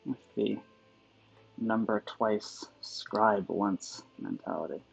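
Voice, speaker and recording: On a livestream of his calligraphy, a man chats casually, wandering through tangents as he thinks aloud. His voice is lowish and steady, slow-paced, with vocal fry. The sound quality is dull and lo-fi, with faint background music.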